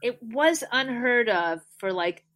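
A middle-aged woman, a guest on an interview show, telling lively stories about her life in a casual chat. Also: fairly high pitch, slow. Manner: animated storyteller.

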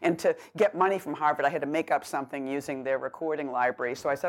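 A woman's voice: low-pitched, steady tone. Boston-accented woman poet reading aloud. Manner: declaims poems, then chats in a halting, rambling way full of "like" and "um". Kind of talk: live poetry reading with chat between poems.

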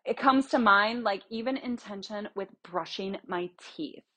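A woman's voice: medium pitch, unhurried, sharp tone. A young woman hosting a casual solo podcast, chatty and rambling, explaining things through everyday examples. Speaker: podcast host.

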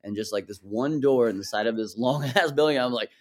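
A man in casual conversation, telling loose stories with lots of swearing and laughter. His voice sits in a middle register. He keeps slipping into quick impressions of the people in his stories. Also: medium pitch. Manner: animated, swearing, laughing, acting out quotes. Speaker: podcast guest, musician. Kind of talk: casual storytelling chat.

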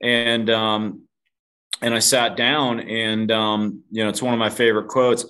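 A man's voice: fairly low pitch, little pitch movement, measured pace, pushed and bright. A man guest on a podcast interview, telling a personal story candidly, mocking himself and swearing casually. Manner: self-deprecating, casual swearing; calls the host dude.

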